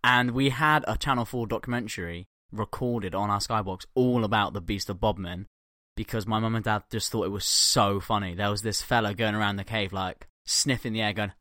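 A man, co-hosting a podcast and telling animated, blunt anecdotes with plenty of swearing. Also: lowish voice, brisk, no room sound, clean studio sound. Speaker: podcast co-host. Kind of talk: casual chat.

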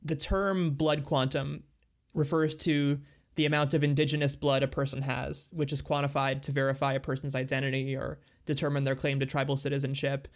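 A man's voice: medium pitch, little pitch movement, a little fast. A man co-hosting a casual music podcast, talking thoughtfully and at length about songs. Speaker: podcast co-host.

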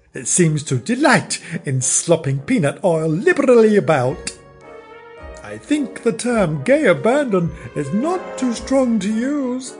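Lively, unhurried man spinning a comic tale. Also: sits high. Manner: wry, theatrical, mock-indignant. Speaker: podcast host. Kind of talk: comic storytelling narration.

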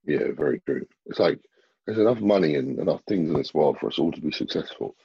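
A man's voice: very deep voice, expressive, a little fast, gravelly, slightly rough, no room sound, dull audio. A man talking as a bodybuilder guest in a casual interview, blunt and swearing freely.

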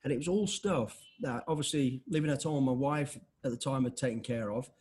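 Husky, quick-talking man in his fifties; blunt interview guest who acts out the voices in his stories. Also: mid-range voice. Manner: blunt, animated, lots of restarts and acted-out dialogue. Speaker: interview guest, former special forces soldier. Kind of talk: casual conversational storytelling.

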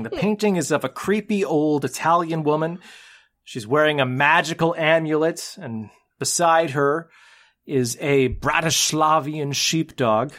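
A man's voice: a little high, a bit bright. A man hosting a casual podcast chat, blunt and jokey as he ranks films and signs off. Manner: blunt, jokey, wraps up the show. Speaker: podcast host.

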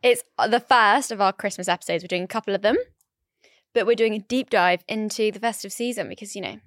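A woman, co-hosting a podcast, chatting in a lively, casual way. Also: medium pitch, fast talker, no echo, clean studio sound. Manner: animated, chatty. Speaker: podcast co-host. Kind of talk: casual chat. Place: indoor studio room.

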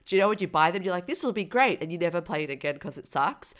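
A woman in casual chat reviewing a film with a co-host, animated and often laughing, with exaggerated mock-outraged retellings. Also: lowish voice, racing. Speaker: podcast co-host.

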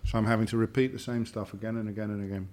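A man's voice: fairly low pitch, level tone, racing, darkish tone, slight background noise. A middle-aged man, chatting as a dinner guest and telling stories, often repeating words as he thinks. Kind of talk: casual dinner-table chat. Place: home dining room.

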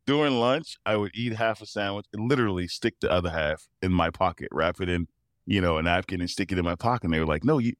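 A middle-aged man with a very low, deep voice tells personal stories in an interview, acting out the people he quotes and breaking into laughter along the way. He is recorded close to the mic in a dry space with no room echo. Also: fast, clean tone. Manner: animated storyteller who acts out quoted voices and laughs often. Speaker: interview guest, professional tuba player. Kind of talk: storytelling in a casual interview.

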